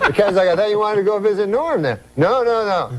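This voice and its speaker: A male comedian spins a rambling tale in a deadpan voice, halting and filling gaps with ums. His slightly high voice swings up and down a lot. A faint hiss sits under the live studio sound. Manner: rambling, halting with many fillers. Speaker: comedian guest. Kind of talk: deadpan storytelling on a talk show.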